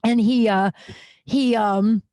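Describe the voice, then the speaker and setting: A woman in her thirties hosting a podcast, telling stories in a rambling, animated way, jittery and over-caffeinated. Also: on the high side, takes it slowly, no echo. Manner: rambling, animated, full of restarts and asides. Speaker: podcast host. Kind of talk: casual storytelling monologue.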